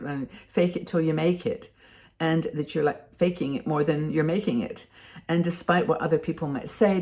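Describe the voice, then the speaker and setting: A woman's voice: low-pitched, a little mellow. An older woman hosting a show, talking casually and rambling, with frequent restarts and fillers. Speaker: host. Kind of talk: casual talk to camera.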